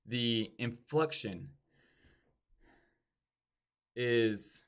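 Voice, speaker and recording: A man giving a casual sales training, acting out sample door-to-door pitches to show pauses and emphasis.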